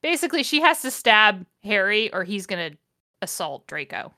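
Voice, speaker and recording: Bright-voiced woman reading with sardonic groans. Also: mid-range voice, big pitch swings, moderate pace. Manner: sardonic, groaning and laughing at the text. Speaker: podcast host reading a fanfiction aloud. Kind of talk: casual comedic read-along.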